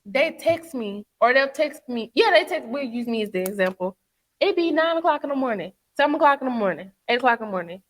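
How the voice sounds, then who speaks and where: A woman's voice: sits high, fast, long reverb tail. A young woman, co-hosting a podcast in casual chat, blunt and profane as she rants. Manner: blunt, profane, animated ranting. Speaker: podcast co-host.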